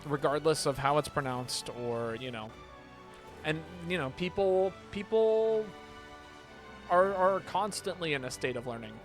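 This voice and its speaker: Rambling man with a higher voice. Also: lively intonation, measured pace, soft background music. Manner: rambling, lots of "you know" and restarts. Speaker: game streamer. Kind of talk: casual chat while gaming.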